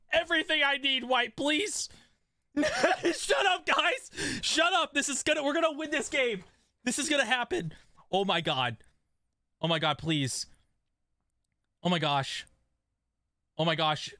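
A man streaming a strategy game live, swinging between excited shouts and quiet muttering, scolding his chat. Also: sits high, dry recording. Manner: swears mildly, talks to chat.

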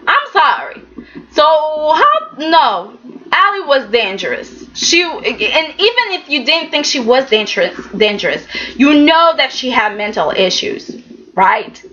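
A woman's voice: high-pitched, sharp tone, lo-fi sound. A woman recapping a soap opera in a chatty, emphatic way, often saying "okay" and acting out the characters' lines. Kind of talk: casual recap commentary.

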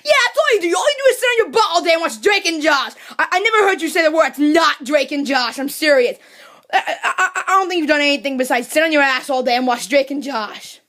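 A woman's voice: sits high, expressive, fast, a bit bright. A woman voicing a cranky, overworked mushroom servant who rants sarcastically, in a comedy puppet skit. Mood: exasperated. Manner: exasperated ranting, sarcastic.

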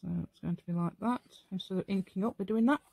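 A woman's voice: medium pitch, quick pace, vocal fry, dark tone, slightly rough. Chatty woman, rambling craft talk. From England. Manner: rambling, chatty, talks to herself while working. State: tired. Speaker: craft channel host. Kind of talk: casual crafting tutorial chat.

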